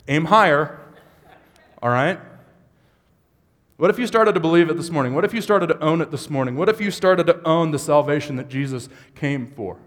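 A man's voice: a little high, in a large hall. A man preaching a sermon as a pastor, moving from easygoing asides to fervent, rising exhortation. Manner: builds from conversational to impassioned shouting.

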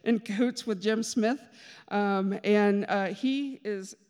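A woman's voice: medium pitch, slow, a little mellow. A woman giving a conversational sermon with personal testimony, chatty and self-deprecating, with joking asides. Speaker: speaker giving a church talk. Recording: long reverb of a large hall.

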